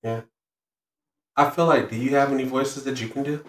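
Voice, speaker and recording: A man's voice: medium pitch, steady tone, normal speed, roomy sound, poor audio. A young man hosting a podcast, playful and teasing in casual, slangy chat. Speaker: podcast host.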